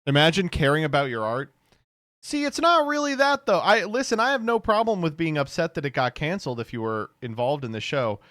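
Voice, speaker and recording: Incredulous streamer man, very animated pitch. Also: fairly quick, no echo, studio quality. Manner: incredulous, sardonic, laughing asides. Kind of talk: reaction commentary.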